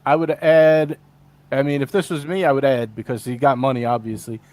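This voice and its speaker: Relaxed offhand male livestream guest. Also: medium pitch, fairly quick, no room sound. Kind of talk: casual livestream chat.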